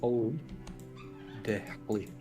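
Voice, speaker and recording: A man's voice: fairly low pitch, extremely slow, music in the background. A man chatting and teasing his friend on a casual livestream. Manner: dry, teasing banter.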